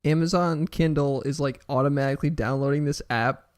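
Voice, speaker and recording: A man's voice: fairly high pitch, fairly even intonation, brisk. A man co-hosting a podcast, rambling and swearing in casual chat. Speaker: podcast co-host.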